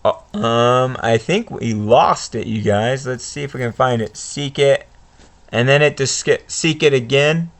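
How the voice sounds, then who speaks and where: A man hosting a casual let's-play video, commenting on a game slowly and relaxedly with frequent fillers. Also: medium pitch. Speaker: gaming video host.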